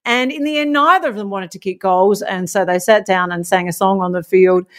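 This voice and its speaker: A chatty Australian woman in her forties tells stories with animated energy and laughs easily. She talks in a relaxed, friendly way, as a guest on a casual podcast chat. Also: mid-range voice, fairly quick.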